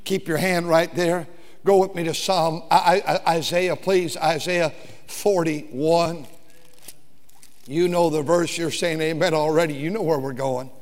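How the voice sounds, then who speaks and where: A man preaching a sermon as pastor, swinging from loud, fervent repetition to hushed, quiet talk, and breaking into hymn singing. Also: on the high side, steady tone, a little slow. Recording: long hall reverb.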